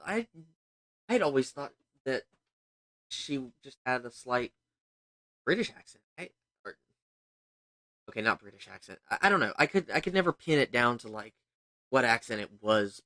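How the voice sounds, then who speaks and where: A man's voice: mid-range voice, lively intonation, moderate pace, bright, forceful tone, dry recording. A man from the United States chatting casually while streaming a game, rambling and thinking aloud. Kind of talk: casual gaming livestream chat.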